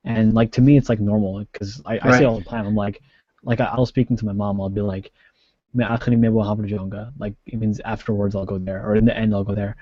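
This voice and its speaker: A man's voice: lowish voice, level tone, fast talker, no echo, highs cut off. A man co-hosting a casual discussion on a video call, talking chattily with lots of "like" and fillers. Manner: chatty, filler-heavy, many likes. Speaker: co-host.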